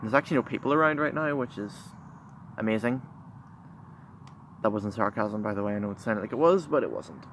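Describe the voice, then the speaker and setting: Shy, halting teen guy outdoors with traffic. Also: fairly low pitch. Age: teens. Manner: shy and halting, many pauses, fillers and restarts. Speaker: vlogger. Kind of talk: candid confessional vlog. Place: outdoors by a busy road. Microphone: phone camera. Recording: phone recording with loud traffic noise. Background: passing cars.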